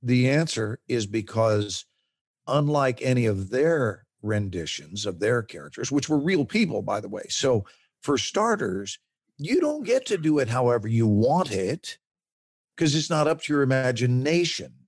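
A middle-aged man, a working actor and interview guest, tells animated stories and acts out quotes and gestures as he talks. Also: mid-range voice, unhurried, no echo, studio quality.

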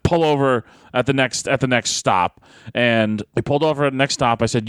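A man's voice: mid-range voice, a little fast, dry recording, clean studio sound. A man, a wrestler, chatting casually on a podcast, telling stories with lots of laughs and acted-out voices. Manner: animated storyteller, laughs often, acts out voices. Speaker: pro wrestler, podcast guest.

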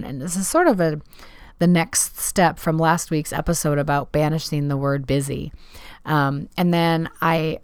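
Low-voiced chatty woman podcaster. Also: smooth, no echo, studio quality. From Southern California. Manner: chatty, candid, self-deprecating. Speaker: podcast host. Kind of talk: casual solo podcast talk.

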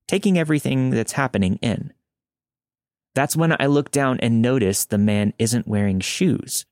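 A man narrating a listener's true scary story in a calm, measured reading. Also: mid-range voice, no echo, clean studio sound. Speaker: podcast narrator.

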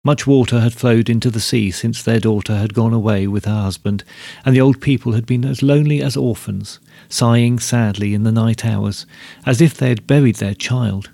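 A man reads a story aloud at a steady, measured pace. His voice is gravelly and a little husky. The recording is dry and close. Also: medium pitch, no echo. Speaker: narrator. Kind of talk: storybook reading.

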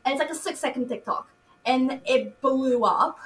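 A woman actress chatting in an interview, excitable and laughing as she retells stories and acts out quotes. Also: high voice, normal speed, faint music behind, low-quality recording. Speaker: actress in the film. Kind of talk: casual interview chat.

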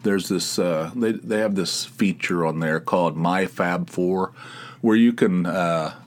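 Male podcast host, lowish voice, casual rambling storyteller, lots of false starts. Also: unhurried. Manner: rambling, with many restarts and chuckles.

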